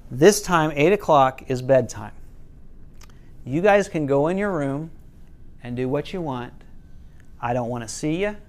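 Man, middle-aged, parenting teacher, casual storytelling, medium pitch. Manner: casual, quotes parents and kids in lowered voices, some restarts.

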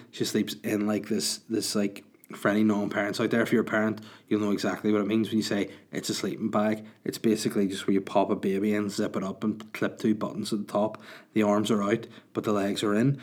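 A man's voice: lowish voice, darkish tone. A man in his thirties hosting a comedy podcast, telling crude, rambling stories in a self-mocking way. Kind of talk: casual comedic podcast chat.

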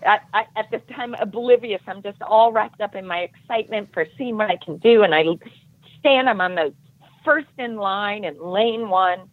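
A woman guest telling a self-deprecating story in casual talk, animated and acting out the voices of others. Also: mid-range voice, moderate pace. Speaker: podcast guest. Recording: muffled dull audio.

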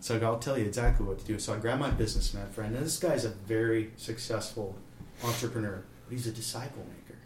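Man from Kansas City, animated storyteller, mic at a distance in an echoey room. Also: fairly low pitch, fast. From Kansas City, USA. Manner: animated storyteller, acts out quoted voices. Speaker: guest telling a story. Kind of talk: casual storytelling interview. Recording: roomy, distant mic, faint room noise.

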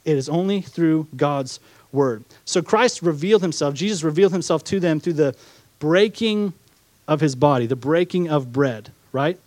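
Pastor preaching, higher-pitched man, dry sound. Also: normal speed, a little mellow, no room sound. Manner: reads scripture then explains it with rhetorical questions; acts out the disciples' doubts in quoted asides. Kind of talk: sermon.

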